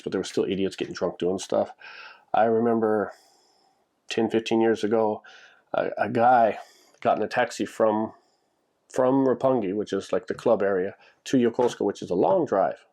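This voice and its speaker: Low-voiced man rambling casually. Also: mellow. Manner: rambling, with frequent "like" and restarts. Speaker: vlogger. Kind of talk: casual storytelling monologue. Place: lives in Japan.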